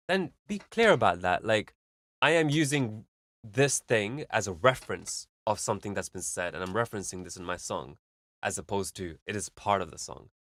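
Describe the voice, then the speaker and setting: Male streamer, lowish voice, casual rambling feedback, dry close sound. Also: a bit bright, no room sound. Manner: rambling, filler-heavy, explains with vivid analogies. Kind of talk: casual live-stream commentary.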